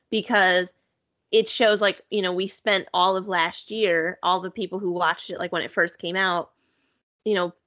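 A woman's voice: lowish voice, fairly bright tone, dry recording, lo-fi sound. A woman in casual conversation, chatty and upbeat, filling her talk with "like" and "you know". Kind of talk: casual chat.

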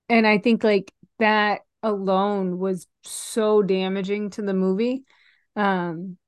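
A woman's voice: mid-range voice, no room sound, studio quality. A middle-aged woman co-hosting a podcast, chatting animatedly about a film and often trailing off and restarting. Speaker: podcast co-host. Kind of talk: casual chat reviewing a film.

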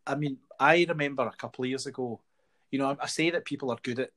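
A man's voice: mid-range voice, fast talker, fairly bright tone. A middle-aged man with a Scottish accent, telling wry stories and swearing freely in a casual chat.

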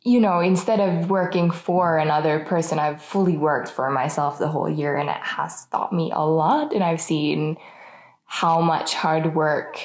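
Hesitant, thoughtful low-voiced woman. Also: measured pace. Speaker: podcast co-host. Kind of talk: casual chat.

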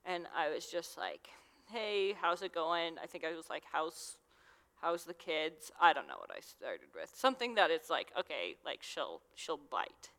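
A woman's voice: low-pitched, very animated, normal speed, gravelly, fairly bright tone. A young adult woman giving a casual, conversational sermon as a youth minister, with lots of fillers. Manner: chatty, conversational, with many fillers. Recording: long hall reverb.

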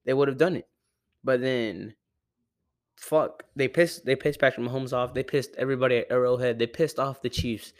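A man's voice: medium pitch, fairly even intonation, moderate pace, no room sound. Young guy from Arizona, loose and profane, self-correcting sports rant, dead-dry close mic. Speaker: sports podcaster. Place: home room with a cat. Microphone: close desk mic.

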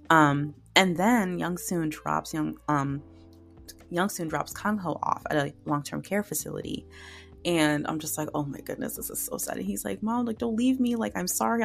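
A woman's voice: low voice, gravelly. A woman hosting a podcast, casually and emotionally retelling drama episodes with lots of fillers. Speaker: podcast host reviewing dramas. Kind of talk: casual solo review.

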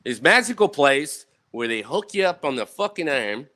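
A young man rambles through a profane, casual storytime for his viewers, often asking "right?". His voice is bright and slightly high, with pitch that swings widely as he talks. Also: very animated, moderate pace. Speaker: vlogger.

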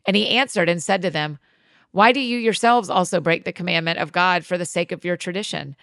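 A woman with a fairly low voice reads scripture aloud in a measured, even tone. The sound is close and dry, with no room around it. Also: no echo. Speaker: scripture reader. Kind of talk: scripted Bible reading.

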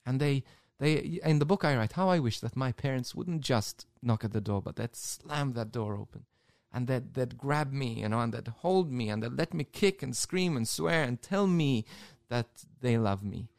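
A priest telling his own story in an interview, emotional and halting, often repeating words. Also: mid-range voice, animated, gravelly, a little mellow, no room sound, studio quality. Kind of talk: personal testimony in an interview.

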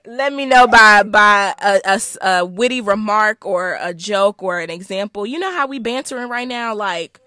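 Teen girl, podcast host, bright voice, dry close sound, joking. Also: mid-range voice, moderate pace, few pauses, dry recording. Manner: teasing, joking banter. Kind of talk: casual teen podcast chat.

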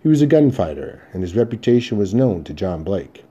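Male audiobook narrator, dark timbre, steady measured read. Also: lowish voice, husky, highs cut off. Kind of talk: scripted first-person Western narration.

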